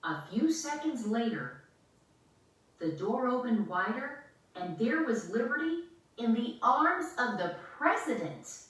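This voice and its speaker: Expressive female storyteller, lively pitch, distant mic. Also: slow pace. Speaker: author reading her book. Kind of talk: children's story reading. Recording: echoey room, mic far off.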